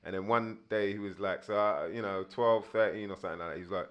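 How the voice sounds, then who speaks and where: A man's voice: on the low side, fast talker. A man in his thirties, a guest rapper telling rambling stories in a casual interview, full of fillers.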